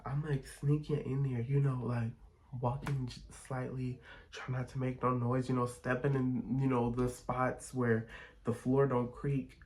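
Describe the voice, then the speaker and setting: A man's voice: mid-range voice, little pitch movement, measured pace, darkish tone, rough recording. A young man chatting casually and expressively as he tells a storytime while doing his makeup, with frank, profanity-laced gossip. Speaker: vlogger.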